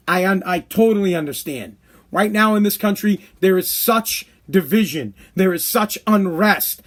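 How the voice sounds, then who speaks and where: High-voiced, blunt, swearing podcast host. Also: male voice. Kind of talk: casual opinion podcast monologue.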